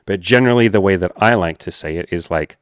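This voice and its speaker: Deep-voiced, blunt dating coach. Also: male voice, fast, clear, resonant tone, dry recording, clean studio sound. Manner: candid and blunt, swears freely; addresses viewers as guys. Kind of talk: casual talk to camera.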